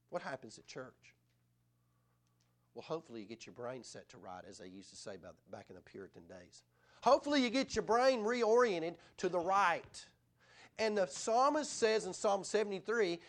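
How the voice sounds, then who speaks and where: High-voiced man preaching earnestly. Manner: earnest, conversational preaching with rhetorical questions. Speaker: pastor. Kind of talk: sermon.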